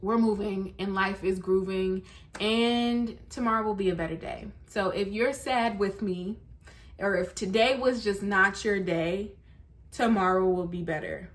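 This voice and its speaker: A woman's voice: mid-range voice, unhurried, a bit bright. A woman in her late twenties, vlogging candidly to viewers from her bed at night, tearful and sad, rambling as she talks to them directly. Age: 20s. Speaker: lifestyle vlogger. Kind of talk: candid vlog to camera. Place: bedroom at night.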